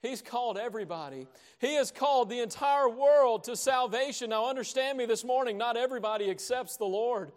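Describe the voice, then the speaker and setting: Man preaching hard, high voice, goes quiet then loud, big echoey church. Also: brisk. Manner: impassioned, dramatic swings from soft to loud. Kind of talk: sermon.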